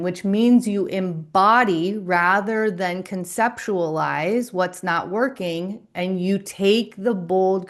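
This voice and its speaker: A middle-aged woman coaching on a live stream, speaking slowly and deliberately in a soothing way to her viewers in the chat. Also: mid-range voice. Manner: slow, deliberate, soothing delivery. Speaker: spiritual coach and astrologer.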